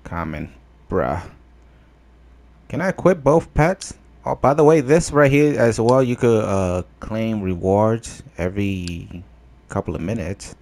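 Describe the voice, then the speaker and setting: A young man giving casual gameplay commentary, excitable, laughing often and yelping in disbelief. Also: fairly low pitch, measured pace. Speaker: gameplay video host.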